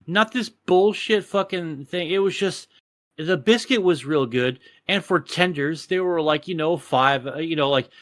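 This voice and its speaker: A man from Texas, telling a profane, animated rant on a casual podcast. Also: fairly high pitch, no room sound, clean studio sound. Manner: profane, animated ranting storyteller. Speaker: podcast co-host.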